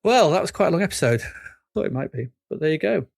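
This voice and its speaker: A man's voice: on the high side, big pitch swings, quick pace, gravelly, a little mellow, no echo, studio quality. Chatty laughing podcast host man. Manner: chatty, laughs often, rambling plugs. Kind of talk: casual chat.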